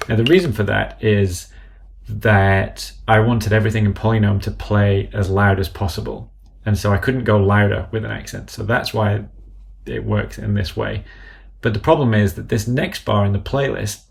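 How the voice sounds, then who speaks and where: A man with a low, gravelly voice walks through a software tutorial in a methodical way, thinking aloud as he clicks. He drops to a soft murmur when he calls out drum stickings. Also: fairly even intonation, normal speed, over music. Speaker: app developer demonstrating software. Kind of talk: screen-recorded software tutorial.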